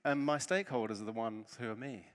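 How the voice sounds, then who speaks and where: A man giving a conference talk, telling a self-deprecating story with lively humor from the stage. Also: medium pitch, fast. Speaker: conference speaker. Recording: long reverb of a large hall.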